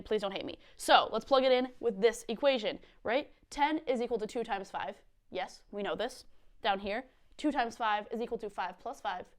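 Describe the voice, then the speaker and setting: A young woman giving a casual, bubbly Bible lesson for kids and teens, chatty and quick to giggle. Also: a little high. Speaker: youth Bible teacher.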